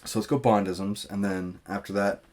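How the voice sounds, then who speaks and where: A man's voice: fairly low pitch, steady tone, moderate pace, darkish tone. Rambling male podcast co-host. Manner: rambling, filler-heavy, swears. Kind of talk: casual podcast chat. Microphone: podcast mic.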